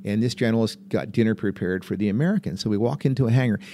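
An older man with a gravelly, rough-edged voice spins long, rambling stories from decades of skydiving. He talks like a seasoned raconteur, easy and chuckling. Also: lowish voice, racing, warm tone, a little hiss or hum. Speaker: veteran skydiver and guest. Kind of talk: casual anecdotal storytelling.

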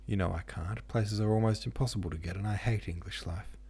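A man's voice: lowish voice, brisk, a little mellow, husky. A man voicing an emotional young governess, pleading and tearful in an audiobook reading. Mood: distraught.

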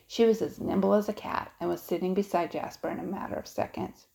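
A woman narrating a children's audiobook in a steady, expressive storytelling manner. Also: on the low side, fairly quick, creaky, poor audio.

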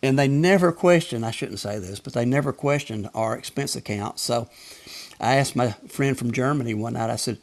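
The speaker is a retired tennis umpire guest, an older man whose Southern Alabama accent colors his casual, folksy storytelling, punctuated by chuckles. He talks at normal speed in a mid-range voice.

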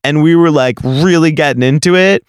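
Man, young adult, podcast host, casual profane storytelling, smooth voice, dry sound. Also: on the high side, normal speed, dry recording. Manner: animated, profane, jokey storytelling.

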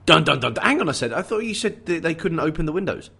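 A man's voice: fairly high pitch, sing-song, fast, gravelly, pushed and bright, husky. A man co-hosting a casual book podcast, playfully teasing his co-host about guessing the culprit.

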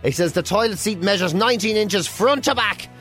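A man co-hosting a radio chat show who tells stories in a jokey, animated way. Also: sits high, brisk, faint music behind. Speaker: radio co-host. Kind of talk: casual chat.

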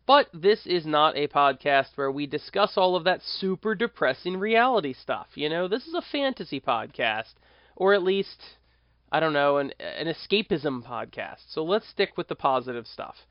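A man's voice: fairly high pitch, big pitch swings, normal speed, no room sound, muffled recording. Chatty American man hosting a podcast. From United States. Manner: rambling, self-correcting, conversational. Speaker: podcast host. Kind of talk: casual monologue podcast.

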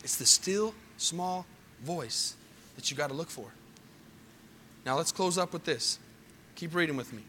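During this sermon, the male preacher speaks a little slowly with long pauses, his voice high, bright and cutting. Hushed storytelling gives way to loud, emphatic bursts, and he frequently questions the congregation. Faint room noise hums in the background.

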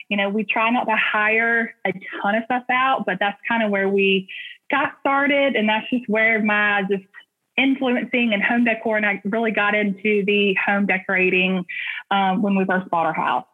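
A young woman with a Southern American accent from Alabama, answering interview questions in a relaxed, easygoing way with frequent ums. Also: fairly high pitch. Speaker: guest, blogger and home decor influencer. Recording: husky voice over a tinny phone line.

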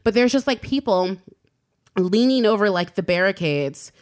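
A woman co-hosts a podcast and tells a story in loose, casual chat. Her pitch sits in a middle range. She leans on "like" as a filler and swears freely as she goes. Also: lively intonation, normal speed. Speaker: podcast co-host.

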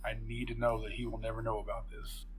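A nervous young male college student who stumbles over his words and speaks hesitantly. His voice is bright and quiet, as a man voices him in a tabletop game. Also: on the high side, animated, fairly quick, slight background noise, poor audio. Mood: cautious. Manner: hesitant, stammering.

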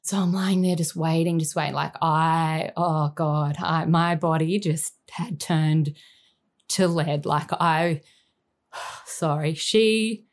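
Emotional Australian woman, lowish voice. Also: steady tone. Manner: emotional, halting, with many fillers. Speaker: guest sharing a personal story. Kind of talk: candid personal storytelling.

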